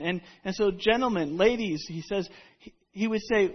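A man's voice: high voice, moderate pace, breathy edge, muffled recording. A man preaching a sermon, telling stories in a conversational way with frequent restarts. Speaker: pastor.

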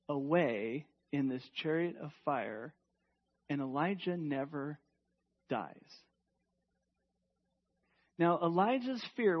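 A man preaching a sermon emphatically, asking rhetorical questions and dropping to a hush at times. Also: a little high, slightly rough, lo-fi sound. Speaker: pastor.

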